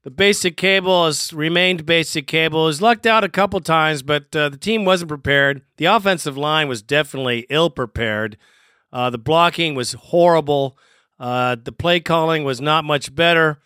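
Host: bright, smooth man, mocking and blunt, recorded dry and close. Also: fairly high pitch, normal speed, no room sound. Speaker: podcast host. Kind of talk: casual podcast chat.

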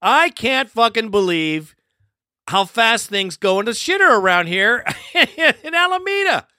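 A man rants solo as a podcast host, heated and profane. His voice sits high and bright. The sound is dry and close, with no room around it. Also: lively intonation, unhurried, clear, resonant tone, no echo. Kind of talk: solo ranting commentary.

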